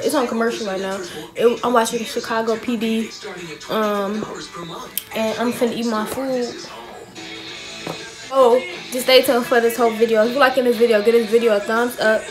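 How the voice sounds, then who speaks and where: Chatty young woman vlogging at home. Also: a little high. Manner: chatty, slangy, talks straight to viewers. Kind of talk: casual get-ready-with-me vlog. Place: her bedroom at home. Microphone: phone camera.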